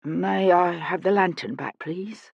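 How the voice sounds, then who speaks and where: A woman's voice: sing-song, unhurried, vocal fry, husky, dry recording, dull audio, exaggerated voice. A woman voicing a greedy, flustered male tea garden owner who talks nervously and wheedles. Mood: timid. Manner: wheedling, nervous, rising to shrill.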